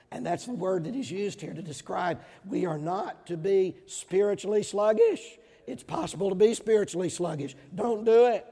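Southern-accented man, middle-aged preacher, high voice, husky tone, emphatic sermon delivery, large hall with long reverb. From Georgia, US. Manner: emphatic, swings between loud stresses and dropped asides.

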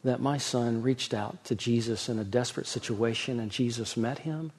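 Delivering a sermon with a personal story, a middle-aged pastor moves from loud emphasis to hushed, soft narration. He speaks in a mid-range voice at a moderate pace with few pauses; there's a little hiss or hum.

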